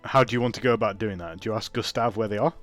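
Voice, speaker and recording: A man's voice: lowish voice, rapid-fire, faint music behind. Laid-back man running a tabletop game. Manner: casual, laughing, swearing freely. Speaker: game master.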